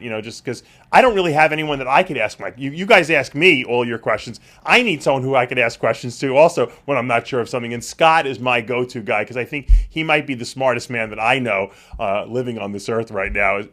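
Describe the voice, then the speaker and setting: A man's voice: mid-range voice, a bit bright. A man talks through listener questions in a loose, rambling way. He is full of "you know" and "uh" and often restarts his sentences. He sounds like a host speaking off the cuff in a studio. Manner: rambling, frequent fillers and restarts. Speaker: show host answering viewer questions. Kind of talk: casual live Q&A talk.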